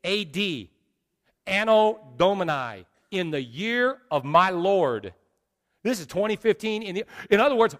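A man's voice: high-pitched, big pitch swings, a little slow, a bit bright. A middle-aged man preaching a sermon as pastor, emphatic and repetitive. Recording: long reverb of a large hall.

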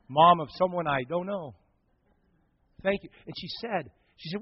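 A man, a pastor, preaching a sermon and telling a story, acting out the voices of the people in it, swinging from hushed to loud. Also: on the high side, big pitch swings, moderate pace, breathy edge, dry recording, highs cut off.

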